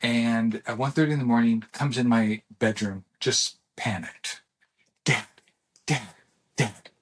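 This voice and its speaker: A middle-aged man co-hosting a podcast in casual chat, an animated storyteller who acts out voices and laughs often. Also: mid-range voice, moderate pace. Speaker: podcast co-host.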